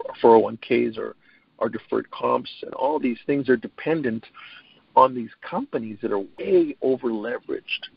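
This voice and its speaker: A man's voice: medium pitch, vocal fry, slightly rough, no room sound. A middle-aged man talking as a guest on an interview show, earnest, often repeating his first words before he gets going. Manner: earnest, repeats words when starting sentences. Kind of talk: casual interview talk. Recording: dull, lo-fi audio.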